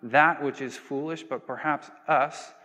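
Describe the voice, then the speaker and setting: A man preaching a sermon in a relaxed, conversational way, often slipping into lively quoted voices. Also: a little slow. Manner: conversational, acts out quoted voices with big pitch jumps. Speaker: pastor. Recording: long hall reverb.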